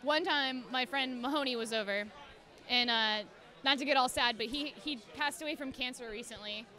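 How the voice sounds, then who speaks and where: Bright-voiced, high-pitched young woman. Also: moderate pace, a faint crowd. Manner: animated storyteller, acts out quotes in voices. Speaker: podcast guest, cosplayer. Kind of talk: casual chat.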